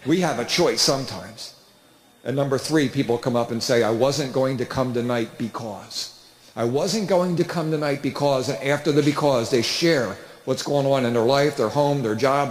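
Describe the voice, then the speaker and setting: A middle-aged man doing stand-up comedy at a church event, telling stories with big animated voices. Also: on the high side. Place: church hall with live audience. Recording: roomy hall reverb.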